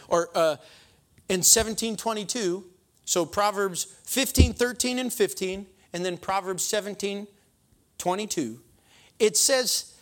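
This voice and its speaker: A male preacher giving a sermon, animated and joking, with sudden emphatic exclamations. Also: sits high.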